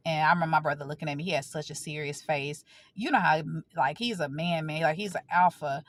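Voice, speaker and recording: A woman speaks straight to her viewers in a fairly low voice, telling a painful family story in casual, plain talk. She keeps pushing through as her voice catches, holding back tears. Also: quick pace. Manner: emotional, fighting back tears, informal and direct. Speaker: vlogger. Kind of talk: personal storytelling to camera.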